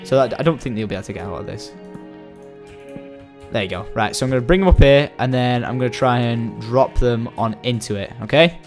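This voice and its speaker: A young Scottish man giving casual, excitable commentary while playing a building game, chatting to viewers and the animals. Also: mid-range voice, a little fast, soft background music. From Scotland. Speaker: gaming commentator.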